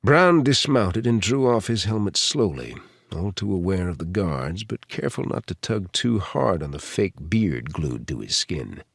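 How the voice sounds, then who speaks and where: A man reading a thriller audiobook in an expressive, dramatic manner. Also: low voice, a little slow, creaky, slightly rough, no echo, clean studio sound. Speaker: audiobook narrator. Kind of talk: scripted thriller narration.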